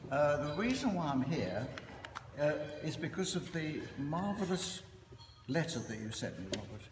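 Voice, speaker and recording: Older Cockney man, after-dinner speaker, animated pitch, echoey hall with background noise. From East End of London. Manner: anecdotal, self-deprecating, frequent "uh" pauses.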